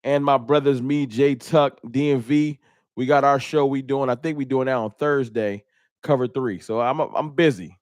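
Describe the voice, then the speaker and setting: A man's voice: medium pitch, steady tone, moderate pace, darkish tone, no echo, studio quality. A man hosting a fan live stream, chatting casually and animatedly, joking and laughing at his own bits.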